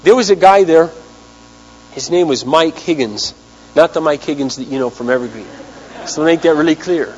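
Animated preacher in a reverberant hall. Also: male voice, on the high side, muffled recording. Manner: animated storyteller, acts out quotes, big swings in loudness. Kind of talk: sermon storytelling. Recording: hum with long hall reverb.

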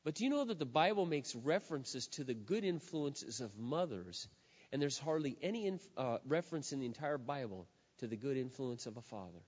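A middle-aged man preaches a sermon from the pulpit. He leans hard on key words, then drops to a hush. His voice echoes through a large hall on a dull, lo-fi recording. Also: medium pitch, animated. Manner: emphatic, drawn-out stresses, shifting from loud to hushed. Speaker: pastor.

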